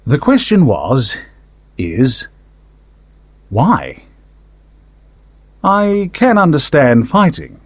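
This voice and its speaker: A man's voice: fairly high pitch, big pitch swings, very slow, pauses often, dry recording. A man reading a story aloud in a wry, conversational first-person manner. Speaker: story narrator. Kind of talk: audiobook fiction reading.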